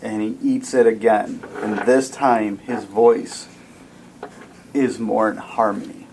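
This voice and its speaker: A man's voice: fairly low pitch, steady tone, takes it slowly, darkish tone, poor audio. A man narrating a tabletop game as dungeon master, telling the scene in vivid, dramatic detail. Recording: faint background noise.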